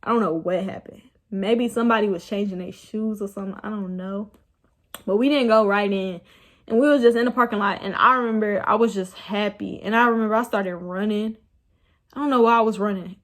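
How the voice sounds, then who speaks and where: A young woman, casually telling a rambling, animated story about her night out. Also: medium pitch, brisk. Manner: animated, rambling, laughs at herself. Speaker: vlogger.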